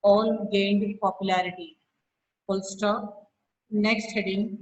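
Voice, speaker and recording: Slow-dictating woman teacher on a video call. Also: mid-range voice, fairly even intonation, dull audio, a little hiss or hum. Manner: dictates slowly, repeating phrases and punctuation; scolds students sharply by name. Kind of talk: online class dictation.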